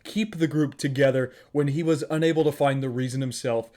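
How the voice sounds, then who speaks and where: A man's voice: medium pitch, steady tone, brisk, mellow. A man giving casual, emotional anime reaction commentary, gushing and repeating himself.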